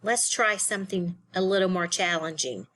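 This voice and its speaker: A woman's voice: lowish voice, lively intonation, moderate pace, a bit bright. A woman teaching a phonics lesson to young students, sounding out syllables and spelling words letter by letter.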